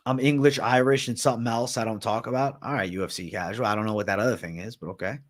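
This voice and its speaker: Profane, slangy young streamer, says bro. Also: male voice, lowish voice, fairly even intonation, fast talker. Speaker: MMA livestream host. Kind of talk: casual livestream Q&A.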